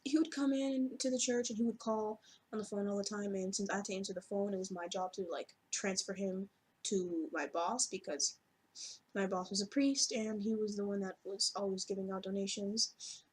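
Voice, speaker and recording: Husky-voiced woman rambling through a story. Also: medium pitch, fairly even intonation, normal speed. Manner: rambling, frequent "like" fillers and casual swearing. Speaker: vlogger telling a story. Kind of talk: casual storytime monologue.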